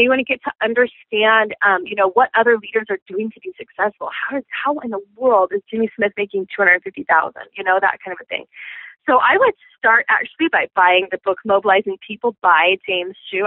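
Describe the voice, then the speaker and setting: A woman's voice: on the high side, no room sound. A woman coaching a sales team in a chatty way, filling her talk with "you know" and checking in with "okay?". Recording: tinny phone-like, dry sound.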